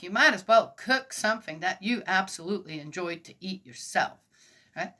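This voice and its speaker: Bright-voiced chatty woman musing aloud. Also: fairly low pitch. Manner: chatty, rambling, asks "right?" often, laughs. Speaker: host of a Bible reflection talk. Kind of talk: casual spoken reflection.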